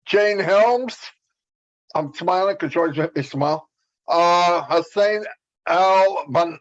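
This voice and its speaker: A man on a video call, co-hosting an online webinar, greeting viewers by name in easygoing casual chat. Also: high-pitched. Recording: dull lo-fi audio.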